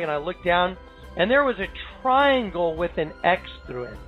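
A man gives personal testimony in a halting, dramatic way, circling back and restarting as he goes. The recording is a little dull, and soft music runs beneath it. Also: high voice, big pitch swings. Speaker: storyteller.

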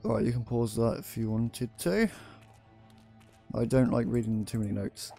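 A man's voice: mid-range voice, expressive, normal speed, vocal fry, warm tone, soft background music. Jumpy man commentating a horror game. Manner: yelps and swears when startled, reads notes aloud. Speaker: gameplay video host.

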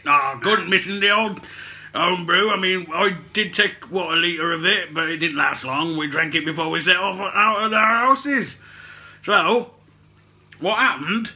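A man with a high, bright, forceful voice and a mix of Cockney and Somerset accents plays a puppet-show host telling a rambling comic story. He keeps correcting himself, swears, and laughs at his own jokes.

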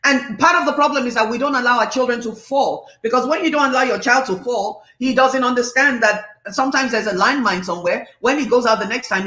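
A woman from Nigeria, hosting an impassioned live-stream monologue, her voice rising to yelling when passionate. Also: fairly high pitch, echoey room. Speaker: host.

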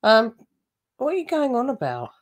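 A woman's voice: on the high side, huge pitch swings, moderate pace, a little hiss or hum. A woman giving mocking, gossipy commentary over a video she is reacting to. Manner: sarcastic, gossipy asides.

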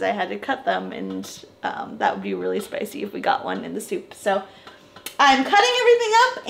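A chatty woman talking casually as she cooks in a small apartment kitchen. Her voice sits a little high and has a gravelly fry running through it. The room gives her voice a clear echo. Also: fairly bright tone. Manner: chatty, many fillers and laughs. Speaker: travel vlogger. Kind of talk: casual chat while cooking. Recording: echoey room.

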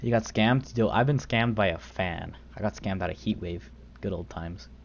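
A man's voice: lowish voice, vocal fry, a little hiss or hum. Young male streamer, joking banter. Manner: joking, rapid banter with friends. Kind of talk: casual gaming livestream chat.

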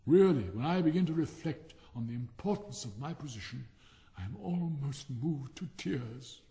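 A man's voice: medium pitch, expressive, normal speed, creaky, warm tone, long reverb tail. A man voicing a vain, touchy male firework rocket in a haughty, theatrical manner for a storybook. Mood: indignant. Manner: haughty, self-important, theatrical.

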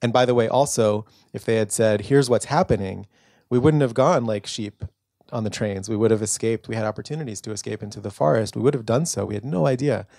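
Author guy at a bookstore talk, dark mellow voice, earnest storytelling w lots of um and restarts. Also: fairly low pitch, fast, vocal fry, no room sound, clean studio sound. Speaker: author and lecturer at a book talk. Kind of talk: answering audience question. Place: bookstore event room.

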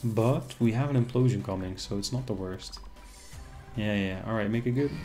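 A casino streamer chats casually with viewers and reacts to the game as it plays, in live-stream commentary. His voice is lowish and dark-toned, at a moderate pace, with soft music in the background.

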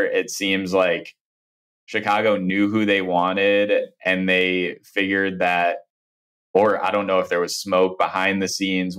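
A man appearing as a guest analyst on a sports podcast, speaking in a measured, hedging and thoughtful way. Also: sits low. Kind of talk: casual sports podcast chat.

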